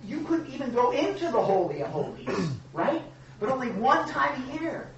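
A man's voice: very high-pitched, very animated, moderate pace, highs cut off, a crowd in the background. A man delivers a sermon in an easy, conversational style, looping back on himself and tossing in asides to his listeners. The sound is heavily reverberant and picked up from a distance, as though the mic hangs at the back of a large hall. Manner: conversational, rambling with restarts and rhetorical "right?". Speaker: pastor. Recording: echoey room, mic far off.

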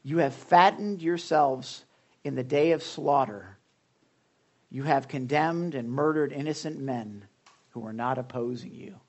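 A man preaching a casual, animated sermon, full of asides and jokes to the congregation. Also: mid-range voice, measured pace. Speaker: pastor. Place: hot church room.

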